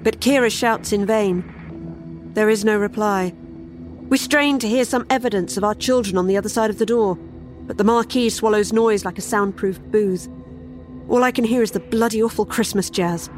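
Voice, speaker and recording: A woman's voice: medium pitch, moderate pace, faint music behind. Wry woman narrating a horror tale. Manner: wry, sardonic storytelling. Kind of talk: first-person horror story narration.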